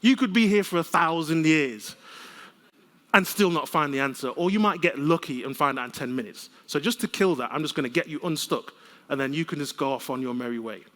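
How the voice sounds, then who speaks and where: A man giving a conference keynote, telling lively, conversational stories with humor. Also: on the high side, brisk. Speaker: keynote speaker. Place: large conference hall. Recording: long reverb of a conference hall.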